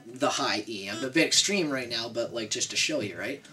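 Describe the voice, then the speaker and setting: A man's voice: medium pitch, expressive, normal speed. A man giving a casual guitar lesson. He counts beats aloud, chats loosely and keeps checking in with "right?", with his own guitar playing under his speech. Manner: chatty and loose, tags explanations with "right?". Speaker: guitar teacher. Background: his own acoustic guitar playing.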